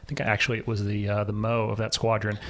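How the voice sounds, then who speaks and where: A man's voice: fairly low pitch, monotone, fast. A man hosting an interview podcast, a naval aviator asking questions conversationally. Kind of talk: casual interview.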